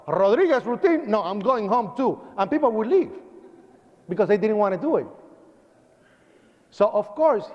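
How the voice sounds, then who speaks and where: High-voiced man giving dramatic testimony. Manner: dramatic storytelling, acts out shouts and sounds. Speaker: eyewitness speaker. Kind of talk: public lecture testimony. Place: lecture hall. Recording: reverberant hall, dull broadcast audio.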